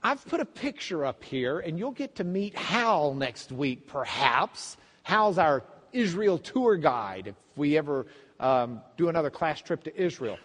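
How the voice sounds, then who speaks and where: A man teaching a Bible class as a pastor, telling the story with lively acted-out voices. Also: on the high side, unhurried, long reverb tail. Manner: animated storytelling, acts out voices of the crowd and blind men. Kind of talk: sermon.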